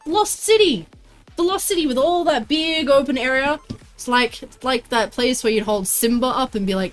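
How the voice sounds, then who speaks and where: A woman's voice: fairly high pitch, moderate pace, soft background music. A woman livestreaming while she crafts, chatting to viewers in a bubbly, playful way and often singing or laughing. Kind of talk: casual live-stream chat while crafting.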